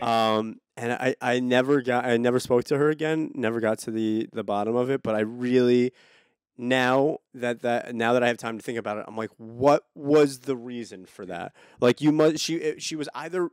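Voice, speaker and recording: A man's voice: mid-range voice, moderate pace, smooth, no echo, clean studio sound. A man on a podcast, casually telling a crude story, repeating and restarting words. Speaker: podcast co-host.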